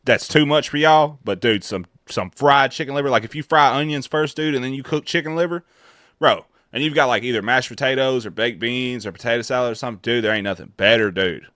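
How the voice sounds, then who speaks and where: A man's voice: medium pitch, brisk, fairly bright tone, no room sound, studio quality. A man with a Southern American accent, riffing profanely and laughing as he reacts to a video for his viewers. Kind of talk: casual reaction commentary.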